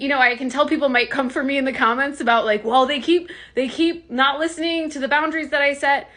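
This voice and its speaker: Bright-voiced woman doing an advice vlog, emphatic and chatty, middle pitch. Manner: emphatic, conversational, acts out quoted dialogue. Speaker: social media creator. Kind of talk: direct-to-camera advice vlog.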